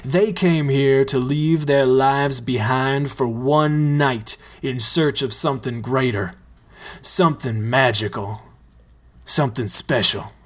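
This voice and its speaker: A reader voicing Tarzan, a quiet man giving a solemn, measured speech. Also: medium pitch.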